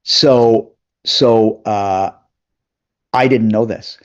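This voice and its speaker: A man with a lowish voice tells a behind-the-scenes story as a guest on a live interview. He talks in a lively way and slips into other people's voices. The sound is dull and lo-fi, like a remote call. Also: extremely slow. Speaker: guest actor.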